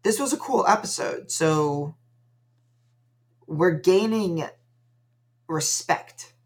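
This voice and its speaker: A man's voice: on the high side, animated, slow. A young man co-hosting a casual podcast, dry and rambling as he recaps episodes. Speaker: podcast co-host. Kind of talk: casual chat.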